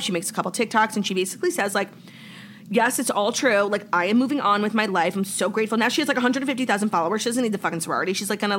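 A woman's voice: medium pitch, a little hiss or hum. A young woman from New York co-hosting a podcast, telling a story in casual chat full of "like" fillers. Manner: chatty, heavy "like" filler, animated retelling. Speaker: podcast co-host.

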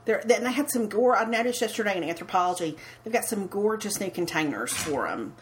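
A woman's voice: medium pitch, expressive, fairly quick, a little hiss or hum. A woman, co-hosting a casual podcast chat, talking freely and often restarting and repeating her words. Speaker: podcast co-host.

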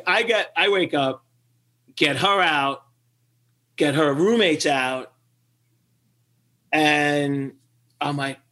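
A middle-aged man, a podcast guest, telling a story with lively acted-out quotes and frequent laughter. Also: medium pitch. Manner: animated storyteller who acts out quotes and laughs often. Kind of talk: storytelling interview.

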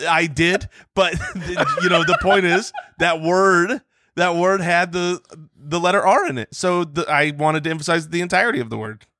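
A man co-hosting a comedy podcast in casual chat, talking in animated bursts with stammered restarts, on a remote call mic. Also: high voice, normal speed, dry recording. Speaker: podcast co-host.

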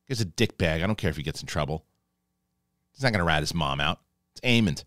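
Male host for a TV recap, lower voice, big swings in pitch, dry close sound, casual cursing. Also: fast, dry recording. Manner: excitable, swears casually, acts out scenes in quotes. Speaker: TV review show host. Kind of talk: animated spoiler review talk.

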